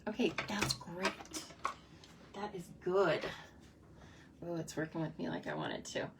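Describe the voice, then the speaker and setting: A woman hosting a live card-making demo, chatting casually and excitedly with viewers as she works. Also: on the low side, unhurried, vocal fry. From United States. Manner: chatty and bubbly, reacts to comments, frequent laughs. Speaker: stamping demonstrator hosting a live stream. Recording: somewhat distant mic with faint noise.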